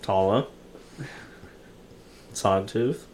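A man's voice: on the low side, very slow, a little mellow, a little hiss or hum. A man in a casual chat among friends, teasing dryly and telling dad jokes.

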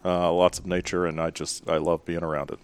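Deep-voiced man from Memphis. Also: flat delivery, brisk, clear, resonant tone, no echo. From Memphis, Tennessee. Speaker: guest. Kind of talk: casual podcast interview.

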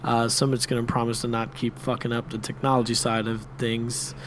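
A man's voice: medium pitch, little pitch movement, fairly quick, a little hiss or hum. A man co-hosting a podcast in casual chat, laid-back and teasing, often restarting his sentences. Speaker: podcast co-host.

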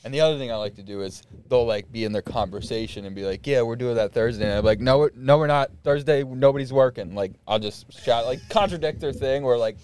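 A man's voice: on the low side, quick pace, hardly any pauses, darkish tone, slight background noise. A young man co-hosting a podcast, telling work stories in casual chat, laughing often and swearing. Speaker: podcast co-host.

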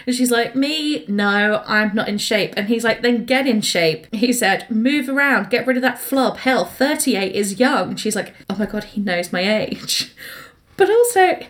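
Una mujer con acento británico co-presentando un pódcast sobre libros, relatando escenas con entusiasmo e imitando a los personajes. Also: female voice, medium pitch, unhurried, few pauses. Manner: animated retelling, acting out characters. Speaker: podcast co-host. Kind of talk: casual book-club chat.

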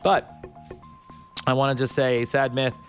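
A man's voice: medium pitch, flat delivery, a little slow, soft background music. Rambling podcast host, casual man. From Miami Beach, Florida. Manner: rambling, loose and joking, with filler words. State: a bit under the weather.

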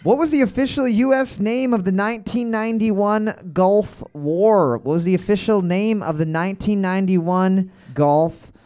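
A man with a notably high voice runs a rowdy comedy trivia night. He reads the questions in a steady quizmaster cadence and fills the gaps with deadpan, silly jokes. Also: moderate pace, clear, resonant tone. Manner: joking, deadpan absurd asides, quiz-reading cadence. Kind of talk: live bar trivia banter. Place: bar.

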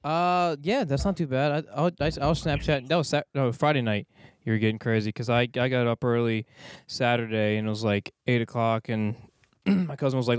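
Fast-talking rambling man host. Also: mid-range voice, smooth, no room sound. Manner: rambling animated storytelling, profane. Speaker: podcast host. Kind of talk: casual sports podcast chat.

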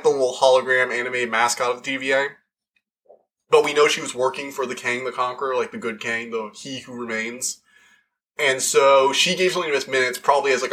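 A man talking casually and excitedly as a podcast reviewer, rambling with lots of fillers and restarts. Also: medium pitch.

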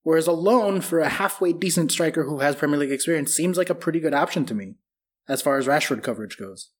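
A fairly high-voiced man co-hosting a football chat. He reasons through transfers in a blunt, analytical way and drops casual swearing. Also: fast talker. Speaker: podcast co-host.

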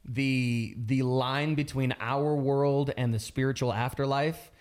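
Earnest, measured man in casual chat. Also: medium pitch, fairly even intonation, a little mellow. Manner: measured, earnest, slows down for serious points.

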